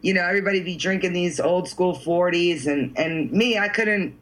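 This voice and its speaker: A man's voice: high-pitched, normal speed, a bit bright, rough recording. A man from New York telling a story in casual chat, laid-back and rambling. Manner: laid-back, rambling, lots of "you know".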